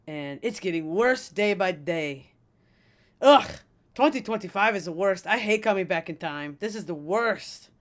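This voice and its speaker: A woman streamer voicing a scheming female poison witch who tells fortunes, rambling and playfully mean in character. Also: lowish voice. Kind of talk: in-character livestream role-play.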